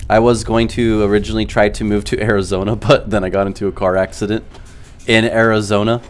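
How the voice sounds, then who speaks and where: A man's voice: fairly low pitch, level tone, fast talker, smooth. Chatty california dude rambling while he plays, quotes movies nonstop. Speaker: gaming streamer. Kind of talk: casual gameplay chat.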